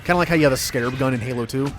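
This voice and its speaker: A man streaming a video game, chatting casually and excitably, yelping and laughing as he plays. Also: medium pitch, racing, soft background music. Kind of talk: casual gameplay commentary.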